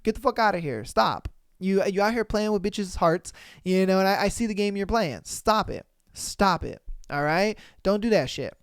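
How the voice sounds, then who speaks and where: A man's voice: high voice, expressive, normal speed, clear, resonant tone, no room sound, clean studio sound. A man playing a cocky student, scolding from above.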